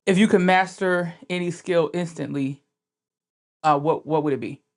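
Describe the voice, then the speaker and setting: A podcast co-host in relaxed, casual chat, swearing often and keeping the banter loose. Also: mid-range voice, moderate pace. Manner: laid-back, profane banter.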